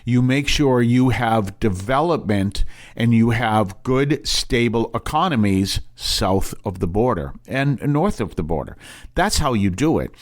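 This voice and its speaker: A man's voice: mid-range voice, animated, unhurried. A man, a priest hosting a broadcast, teaching in a rambling, emphatic way with many restarts and asides. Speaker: priest and show host.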